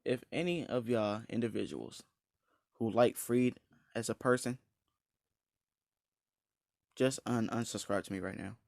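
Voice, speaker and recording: A man's voice: medium pitch, animated, a little slow, creaky, pauses often, darkish tone, dry recording, clean studio sound. A man casually retelling a fan story, rambling, slangy and blunt, with many restarts and fillers.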